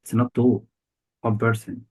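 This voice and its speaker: The voice here is a man's, mid-range and level, a little slow, with a darkish, slightly rough tone on a low-quality recording. He's an English test tutor giving a one-on-one grammar lesson, repeatedly quizzing his student with short questions in non-native phrasing.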